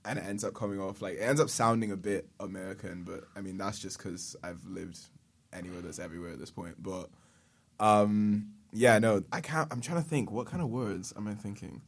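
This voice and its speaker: A man's voice: fairly low pitch, fairly quick, creaky. A young man with a British accent, a guest rapper chatting casually and laughing often. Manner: laughs often, relaxed and self-deprecating. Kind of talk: casual chat.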